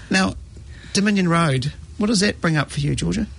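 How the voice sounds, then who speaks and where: A man's voice: a little high, vocal fry, slight background noise. A man with a New Zealand accent hosting a radio arts show in a studio, chatty and self-mocking. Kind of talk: casual radio chat.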